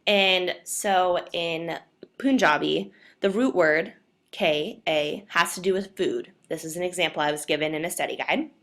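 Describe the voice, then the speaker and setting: A young woman with a lowish voice gives an earnest class presentation. She explains each point carefully and keeps leaning on the word "definitely". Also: measured pace, a bit bright. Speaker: student presenter.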